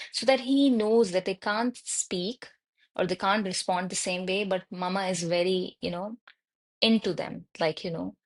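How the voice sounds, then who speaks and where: A woman in her thirties, a podcast guest telling candid stories about raising her children in an unhurried, reflective way. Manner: unhurried, reflective, voices her son's lines higher. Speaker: podcast guest, mother of autistic twins. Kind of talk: candid personal storytelling.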